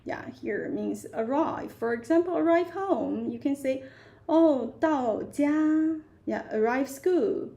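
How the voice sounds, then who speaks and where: Teaching beginners in a live online lesson, this native Chinese-speaking teacher repeats every word patiently. She speaks slowly and deliberately in a slightly high, warm, expressive voice threaded with vocal fry.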